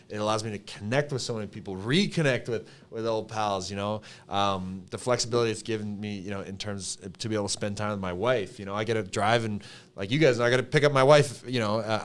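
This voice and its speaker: A young man with a Canadian accent, a podcast guest telling stories in a casual, emotional, animated way with many fillers. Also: on the low side. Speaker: podcast guest, clothing company co-founder.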